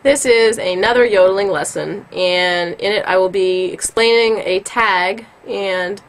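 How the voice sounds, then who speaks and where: A woman with the tail end of a cold giving a casual yodeling lesson, explaining slowly and patiently with many ums. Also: mid-range voice. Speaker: yodeling teacher.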